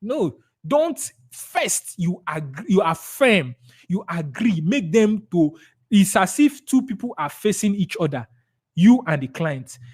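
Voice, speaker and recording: A man with a Nigerian accent delivers a live sales training talk in a high-pitched, sing-song voice that's a little slow and mellow with a breathy edge. He's emphatic, repeats key words, and acts out conversations with clients.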